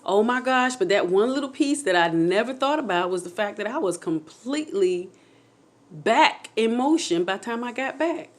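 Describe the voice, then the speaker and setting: A woman telling her own near-death story to her viewers in an animated, excitable way, speaking straight to them with faith and feeling. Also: on the high side, moderate pace. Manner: testimonial, faith-filled. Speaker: channel host telling a personal story. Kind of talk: emotional personal storytelling.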